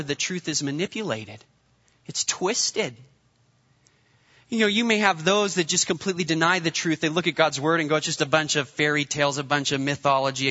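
A man's voice: a little high, sharp tone. A male pastor preaching a sermon, emphatic and fond of repeating rhetorical questions. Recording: dull reverberant hall recording.

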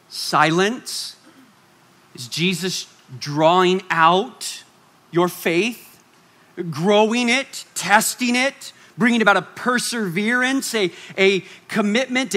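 A man preaching a sermon in an animated way, shifting from loud acted-out lines to hushed, low asides. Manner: animated, swings from loud to hushed, acts out quoted voices.

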